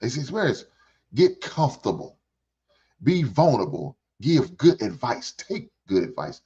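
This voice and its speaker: The host is an older man whose warm, husky voice sits at medium pitch, swings widely in pitch, and stays unhurried. On his reaction show he rants bluntly, swears heavily and preaches in repeated phrases. The ranting commentary is captured on a dull lo-fi recording.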